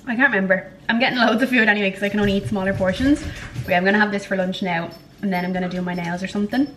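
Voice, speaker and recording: A woman's voice: medium pitch, fairly even intonation, very fast, a bit bright, slight background noise, low-quality recording. A woman vlogger talking in a casual, chatty way, poking fun at herself and swearing freely. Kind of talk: casual vlog chat.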